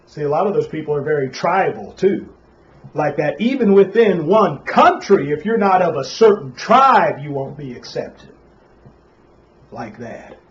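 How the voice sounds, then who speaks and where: A man's voice: on the high side, dull audio. A man teaching a Sabbath Bible class in a preachy way, often saying "Praise Yah" and asking rhetorical questions.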